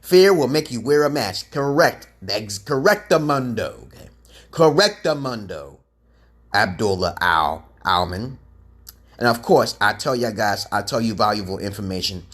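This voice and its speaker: A man's voice: lowish voice, animated, normal speed, a bit bright. A man rambling through a preachy livestream monologue on a webcam mic, swearing freely and greeting chat viewers as he goes. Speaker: livestream host giving self-styled advice.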